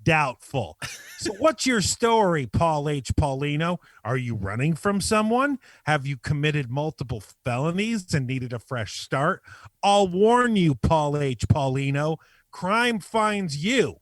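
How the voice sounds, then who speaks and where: A podcast co-host man with a somewhat high, lively voice reads a prepared joke statement word for word. He keeps a mock-serious, deadpan delivery. The sound is dry and close. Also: slow pace, no echo. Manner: mock-dramatic, deadpan reading. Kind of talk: reading a prepared comedic bit.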